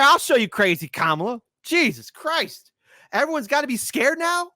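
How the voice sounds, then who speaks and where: Brief: sarcastic political livestream host, man, very animated pitch, dry close sound. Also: moderate pace, no echo. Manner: sarcastic, ranting, mocking; swings from shouting to hushed mock-whisper.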